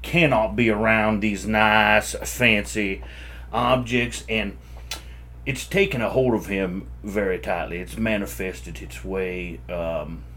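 A man playing a hesitant doctor in a comedy sketch, talking haltingly with many ums and restarts. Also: on the low side, fairly even intonation, a bit bright, slight background noise. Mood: explaining. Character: fumbling hesitant male doctor.

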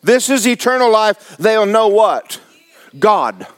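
Older pastor preaching, high-pitched voice, folksy and jokey, gets emphatic. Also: male voice, very animated, slow pace, clean tone. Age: 70s. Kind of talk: sermon.

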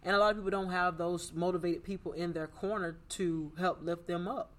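A man's voice: high voice, steady tone, fairly quick, fairly bright tone. A man talking in an earnest, reflective way during a casual conversation about struggle and success.

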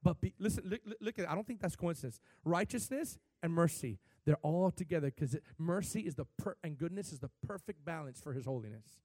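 A male pastor with a high voice preaches a sermon in an animated way. His voice swells suddenly in pitch and loudness. The recording is dry and close. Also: a little fast, hardly any pauses, no room sound.

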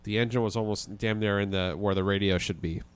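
A man with a somewhat low voice speaks as a podcast guest. He tells his story casually and vividly, dropping the occasional swear word. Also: steady tone, brisk, clean tone.

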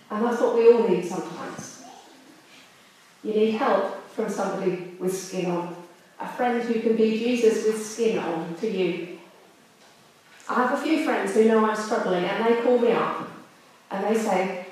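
A woman's voice: mid-range voice, measured pace, long pauses, darkish tone, a little hiss or hum. Give me a woman preaching frankly and conversationally, recorded from afar in a big echoey church hall. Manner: candid, conversational. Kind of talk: sermon. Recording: echoey room, distant mic.

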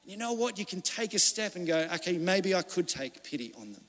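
High-voiced pastor in an echoing hall. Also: male voice, very animated, fairly quick, a bit bright. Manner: conversational storytelling preaching, acting out quoted voices. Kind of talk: sermon. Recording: long hall reverb.

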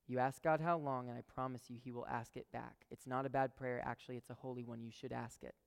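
A man's voice: mid-range voice, steady tone, fast, creaky, clear, resonant tone. A young man preaching a sermon, telling a story and talking earnestly to the crowd. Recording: long hall reverb.

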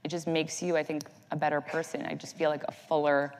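A woman speaking as a panel guest onstage before a live audience, relaxed and sincere, with lots of "just" and "like". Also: low voice, a little fast, slight background noise. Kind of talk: casual onstage conversation. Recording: live hall reverb.

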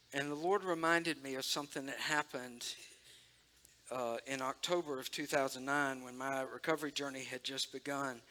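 Bright-voiced man giving heartfelt testimony. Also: medium pitch. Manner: conversational, emotional, addresses the audience directly. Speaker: speaker sharing testimony. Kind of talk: sermon-style personal testimony.

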